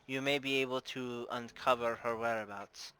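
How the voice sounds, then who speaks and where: A man's voice: mid-range voice, fairly even intonation, moderate pace, sharp tone, smooth, lightly acted, rough recording. A man voicing a shrewd, playful madam who runs her house with formal, teasing grace, in a put-on Russian accent. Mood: worried. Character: shrewd playful female brothel madam, middle-aged. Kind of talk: tabletop game character voice.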